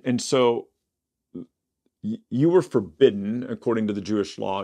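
Guy with a lowish voice doing a bible study podcast, reads verses then chats about them, kinda loose and lively. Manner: casual, animated asides with restarts. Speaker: Bible teacher. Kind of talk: podcast Bible study, reading scripture with commentary.

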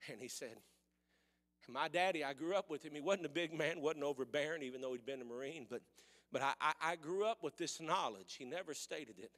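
A man with a Missouri accent preaching a sermon in folksy rural speech, swinging from quiet storytelling to shouted preaching. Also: on the high side, brisk, big-room sound.

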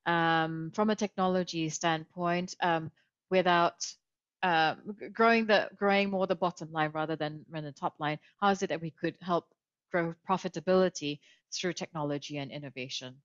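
Woman interview guest, lowish voice, measured with many ums, muffled dry lo-fi sound. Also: no echo. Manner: measured, with frequent fillers. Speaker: podcast guest, author. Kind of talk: interview answers. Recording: dull lo-fi audio.

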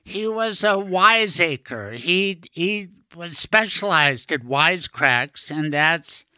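Excited guy hosting a chat, really bright sharp tone, gushes over stories. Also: fairly high pitch, takes it slowly, clear, resonant tone, dry recording, clean studio sound. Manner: enthusiastic, exclamatory. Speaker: podcast host. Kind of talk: casual interview chat.

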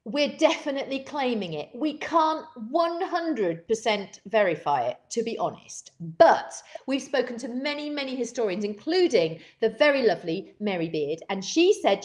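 A woman co-hosting a laid-back chat. Her voice is fairly high and swings widely in pitch as she tells stories with theatrical flair. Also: sing-song, normal speed, few pauses, a little mellow. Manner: chatty, giggly, theatrical. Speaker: co-host. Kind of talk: casual chat.

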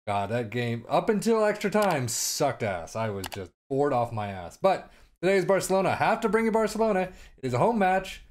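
A man casually commenting on his own soccer management game, sarcastic and rambling, sometimes slipping into a mock announcer voice. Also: medium pitch. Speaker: gaming commentator.

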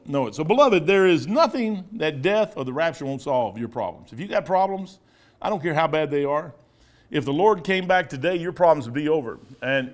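A man in his sixties, a pastor with a Midwestern American accent, preaching a sermon in a folksy, rambling storytelling way with asides. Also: a little high. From United States. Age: 60s.

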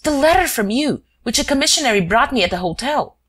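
Casting: woman as an earnest, bewildered male sidekick, high and pleading. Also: expressive, fast, a bit bright. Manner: pleading, defensive replies.

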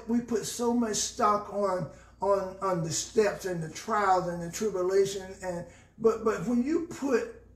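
Southern preacher man teaching bible study, high voice, keeps repeating himself for emphasis, echoey church sound. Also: distant mic. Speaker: pastor.

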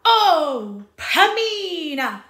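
A woman's voice: very high voice, very animated, very slow, gravelly, pushed and bright, reverberant, pitched above the performer's own voice, full character voice. A woman voicing a lovesick young heroic prince with big, long, longing sighs.

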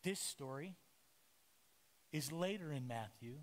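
A male pastor preaching a lively sermon to his congregation, acting out the voices of the disciples and Jesus. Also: on the high side, takes it slowly. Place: church sanctuary. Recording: echoey church hall.

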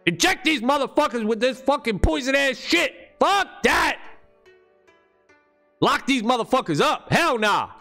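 An arrogant money-printing elite man who sneers at commoners and swears constantly, as a man acts him out. His voice is pitched high, and faint music plays behind. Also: big pitch swings, normal speed, fairly bright tone. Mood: furious. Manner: profane, scornful, brash.

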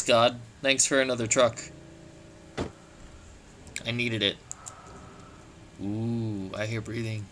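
A man giving joking gameplay commentary while playing, animated and quick to break into shouts and laughter. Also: medium pitch, a little hiss or hum. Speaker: let's play gamer.

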